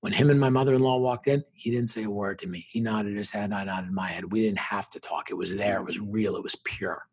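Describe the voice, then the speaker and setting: A middle-aged man with a strongly husky, rough-edged voice, speaking as an interview guest. He talks like a motivational speaker, emphatic and intense, driving his points home with punchy, repeated phrases. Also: on the low side, steady tone, brisk, hardly any pauses. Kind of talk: emotional personal storytelling.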